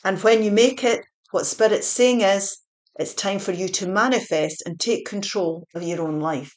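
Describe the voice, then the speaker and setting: A woman's voice: medium pitch, normal speed, a little mellow. A woman giving a spiritual pick-a-card tarot reading, earnest and encouraging, repeating her points with small fillers. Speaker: tarot reader.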